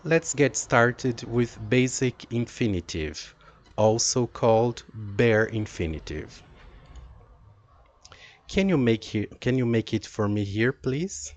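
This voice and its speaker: Slow, low-voiced man teaching grammar. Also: no echo. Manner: slow, deliberate explaining with drawn-out example sentences. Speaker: English teacher. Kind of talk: grammar lesson.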